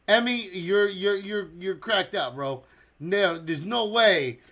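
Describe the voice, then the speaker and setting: A man with a high voice hosts a casual live stream on a community server, chatting with viewers and calling a duck race. He swears freely, quacks loudly to cheer the racers, and takes his time speaking.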